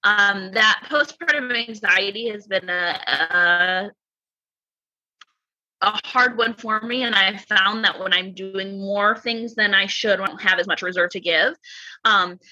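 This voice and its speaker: A woman in her thirties talking candidly and reflectively about motherhood in a casual conversation, often pausing and restarting. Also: medium pitch, bright, forceful tone, highs cut off.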